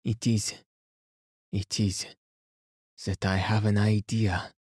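A man voicing a fussy, excitable elderly detective in a bedtime storybook reading, speaking in halting jerks. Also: fairly low pitch, breathy edge, dry recording, studio quality. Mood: excited. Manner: jerky, halting delivery.

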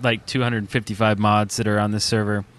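A man co-hosting a casual gaming podcast, excitable and hesitant, full of "uh" and "like". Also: fairly low pitch, a little fast. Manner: excitable, hesitant with many fillers. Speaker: podcast co-host.

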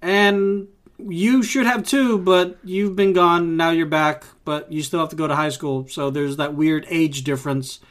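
Guy cohosting a podcast, steady, keeps things on track. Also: a little high, moderate pace, few pauses. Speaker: podcast co-host. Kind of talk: casual chat.

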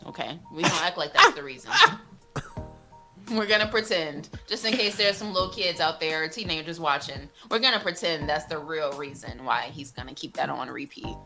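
Lively, bright-voiced woman co-host. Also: sits low, normal speed, soft background music. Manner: animated, laughing, teasing. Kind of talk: casual studio banter. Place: radio-style studio.

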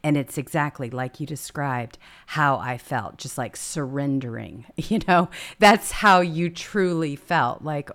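A middle-aged woman hosts a talk show in a low voice. She speaks with feeling, stacking short emphatic phrases. Her tone is earnest and heartfelt. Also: unhurried, hardly any pauses. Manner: emphatic, emotional, repetitive phrasing. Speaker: host. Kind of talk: casual talk show chat.

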